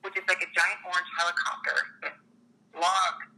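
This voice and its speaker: A woman's voice: on the low side, completely flat delivery, normal speed, pushed and bright, poor audio. A woman telling a story in casual chat, chatty and laughing often. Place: small town.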